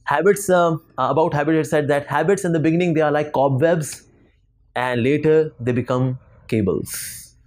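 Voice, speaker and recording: A man with an Indian English accent lectures on spiritual life in a somewhat high voice. He tells stories and acts out the quotes, pausing often with fillers. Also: steady tone, darkish tone. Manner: storytelling with acted quotes, frequent fillers. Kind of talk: devotional lecture to students.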